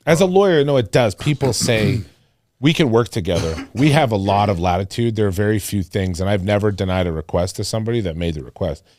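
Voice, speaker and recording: A man's voice: on the low side, animated, fairly quick, a little mellow, no room sound. A man who is a lawyer, co-hosting a podcast and making firm, joking points. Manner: emphatic, makes firm points and jokes. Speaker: lawyer and co-host. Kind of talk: casual podcast chat.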